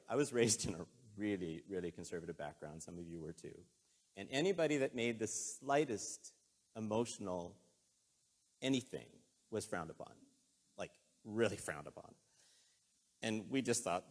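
A man preaching a sermon in a relaxed, conversational way, telling a story earnestly and with emotion. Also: lowish voice, normal speed, breathy edge.

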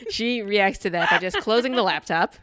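Woman, podcast co-host, casual film recap chat, smooth voice, dry close sound. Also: medium pitch, moderate pace, a bit bright, no room sound. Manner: chatty, lots of "like" and "you know".

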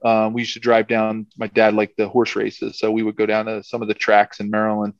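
A man's voice: on the low side, monotone, brisk, no room sound. A middle-aged man from the area, a former football player telling a casual, rambling story full of "like" and "you know". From Philadelphia area. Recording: slightly dull, dry sound.

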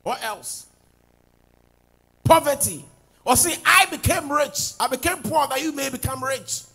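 A man preaching a sermon as pastor, swinging from loud declarations to low asides. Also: unhurried, creaky, poor audio.

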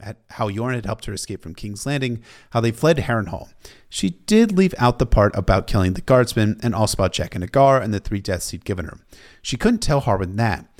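A man retelling a novel in a casual storytelling style, sometimes stopping for emotional asides. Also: on the low side. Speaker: book recap narrator.

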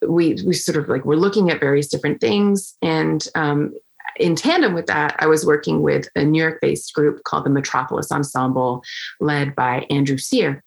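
A young woman flutist telling a story in a chatty, conversational way, full of fillers and restarts, getting animated when she quotes people. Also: deep voice, moderate pace, creaky. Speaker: flutist and interview guest.

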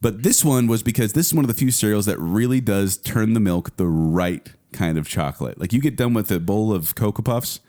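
Playful low-voiced man chatting. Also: warm tone. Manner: playful, quick to laugh. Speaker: podcast co-host. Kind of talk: casual chat.

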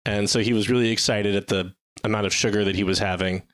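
A man co-hosting a casual fan podcast, telling an amused anecdote in a relaxed way. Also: fairly low pitch, quick pace. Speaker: podcast co-host.

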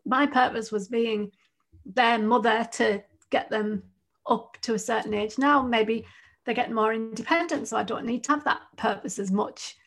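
A woman's voice: a little high, creaky. A woman in her forties, co-hosting a podcast in casual chat, talking in a chatty way with many ums and likes. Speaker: podcast co-host.

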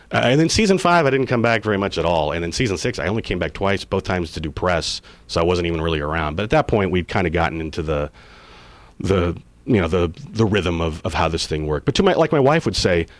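A man in his forties, an actor being interviewed, telling stories casually and acting out quoted lines with big jumps in pitch. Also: dry recording. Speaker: actor guest.

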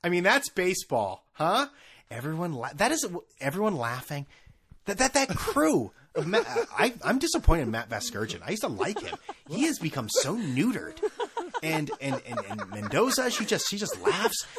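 A man's voice: on the high side, wildly swooping pitch, moderate pace, a bit bright, husky. A man hosting a podcast, ranting sarcastically with profanity, stammering restarts and laughs at his own jokes. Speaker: podcast host. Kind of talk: casual ranting monologue.

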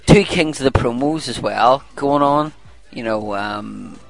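Gravelly man bantering. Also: medium pitch, slow pace, soft background music. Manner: joking, teasing banter. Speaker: podcast co-host. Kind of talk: casual chat.

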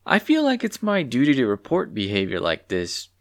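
A man voicing a sly, confident young female bird student who talks coyly and calmly. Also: mid-range voice, moderate pace, pitched above the performer's own voice. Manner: coy and calm.

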